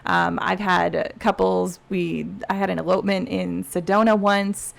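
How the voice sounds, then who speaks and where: A woman wedding planner telling stories as a guest on a casual podcast, chatty and animated, often saying "you know". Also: lowish voice, a little slow, gravelly. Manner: animated, laughing storyteller.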